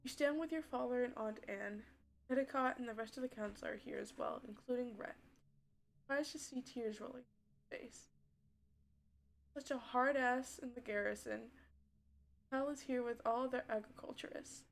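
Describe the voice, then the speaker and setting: A woman streamer reading a story game's text aloud on a live stream, with loud, upset outbursts and swearing between the passages. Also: fairly high pitch, normal speed, vocal fry, long pauses. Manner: reads narration steadily, then breaks off with loud distressed outbursts and swearing.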